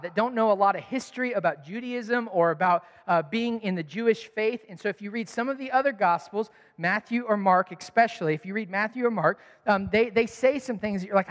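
A man's voice: high voice, long reverb tail. A man preaching a sermon as pastor, telling stories and acting out quotes. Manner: animated storytelling, acts out quotes.

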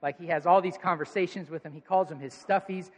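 A man's voice: high voice, steady tone, fast, a little mellow. A man in his thirties preaching a sermon, telling family stories in an earnest, conversational way. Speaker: pastor. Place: church auditorium with audience. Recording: long hall reverb.

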